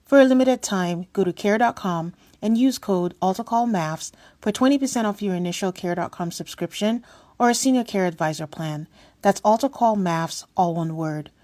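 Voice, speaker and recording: A woman reading a scripted sponsor ad in a smooth, even promotional delivery. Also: medium pitch, moderate pace. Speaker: ad reader.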